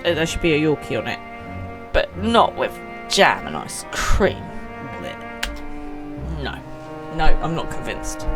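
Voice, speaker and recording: A woman with a British English accent streaming a game, chatting with her viewers and bantering indignantly, laughing often. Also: on the low side. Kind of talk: casual chat with live chat. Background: game music.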